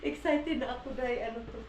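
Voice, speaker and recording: Chatty Filipino-accented woman, high voice. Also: roomy sound, a little hiss or hum, low-quality recording. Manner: chatty, mixes Filipino and English, calls viewers "Day". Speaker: family vlogger. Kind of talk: casual vlog chat to viewers. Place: home.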